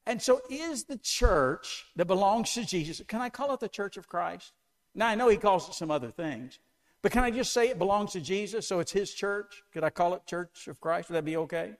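A man's voice: sits high, very animated, moderate pace. A man preaching a sermon to a congregation, asking them one question after another with an emphatic delivery. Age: older.

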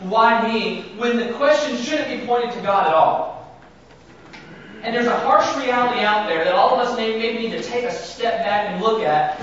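A man's voice: high voice, fairly bright tone, a little hiss or hum. A man preaching a sermon who keeps asking his congregation rhetorical questions and acts out the words of scripture with rising emphasis. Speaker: pastor. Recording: very echoey, distant, dull sound.

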